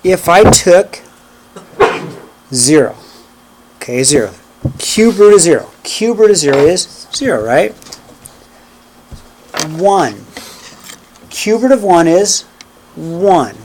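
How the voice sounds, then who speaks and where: A man's voice: high-pitched, sing-song, slow pace, long pauses, darkish tone, slight background noise. A man teaching math to a class, counting points aloud and often checking in with "okay?" and "right?". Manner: counts steps aloud while graphing. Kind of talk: classroom lecture.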